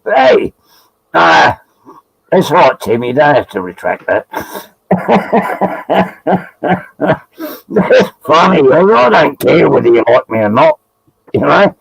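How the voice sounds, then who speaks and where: Gravelly Australian man, rambling and laughing. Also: a little high, big pitch swings, takes it slowly, pauses often, dry recording, low-quality recording. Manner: rambling, jokey, laughs often. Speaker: live stream guest. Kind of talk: casual live stream banter.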